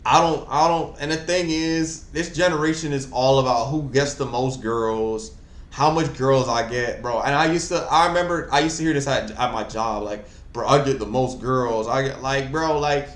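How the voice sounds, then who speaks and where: A man's voice: mid-range voice, moderate pace, fairly bright tone. Young man, host, rambling slangy chat, echoey room. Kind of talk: casual chat.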